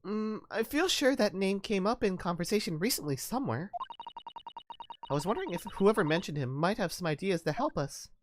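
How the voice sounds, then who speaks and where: A man voicing a gentle, polite young woman assistant in a raised, soft, courteous voice, reading game dialogue on a stream. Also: sits high, big pitch swings, a little fast, noisy background, pitched above the performer's own voice.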